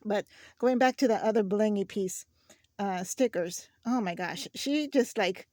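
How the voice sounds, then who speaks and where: A woman's voice: mid-range voice, unhurried, dark tone, no echo, studio quality. A woman hosting a craft channel, chatting casually through a shopping haul and telling stories with many restarts. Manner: chatty, storytelling, frequent restarts.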